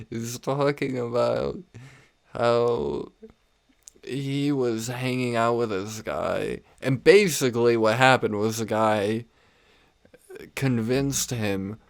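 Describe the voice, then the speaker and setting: A man's voice: medium pitch, fairly even intonation, very slow, creaky, pauses often, no room sound. Profane rambling podcast host, man. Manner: profane, rambling, laughs often. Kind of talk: casual comedic rant. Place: home room.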